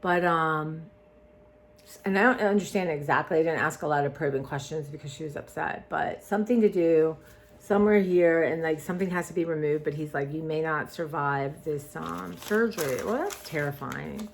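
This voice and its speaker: A woman's voice: deep voice, normal speed. A woman, vlogging in a rambling casual chat that trails off and restarts often.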